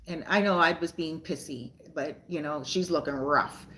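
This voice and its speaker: A woman's voice: low voice, moderate pace, fairly bright tone, a little hiss or hum, rough recording. A woman vlogger and soul coach telling a story to camera in a casual, rambling way, often tagging her sentences with "right?" and "you know". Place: lives in a Caribbean beach town.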